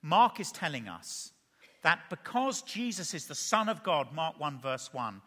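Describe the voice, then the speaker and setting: A man preaching a sermon, animated and full of rhetorical questions to the congregation. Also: on the high side, unhurried. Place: church. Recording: reverberant church hall.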